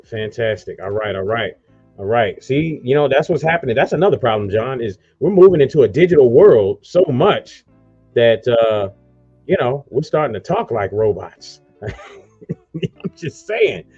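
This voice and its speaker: A man's voice: medium pitch, sing-song, unhurried, darkish tone, breathy edge, dry recording, lo-fi sound, soft background music. A man hosting a casual online radio talk show, rambling loosely through promos and introductions. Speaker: host.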